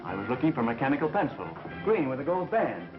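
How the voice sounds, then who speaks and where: An evasive, stiffly polite stranger, played by a man, speaks in a lively, mid-pitched voice. The sound is a roomy, dull old film soundtrack with clear music underneath. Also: fast talker, natural voice. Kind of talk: 1930s film acting.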